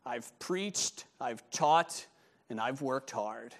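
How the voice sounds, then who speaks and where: A smug, self-important older minister who announces himself pompously and bristles with indignation, as a preacher puts him on. He speaks in a slowed, deliberate way. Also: mid-range voice, animated, pitched below the performer's own voice.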